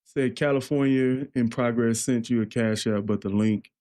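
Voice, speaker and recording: A man's voice: mid-range voice, steady tone, normal speed, dark tone. A man hosting a music reaction livestream, chatting casually with viewers and laughing often. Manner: laughs often, loose and playful; talks to viewers directly.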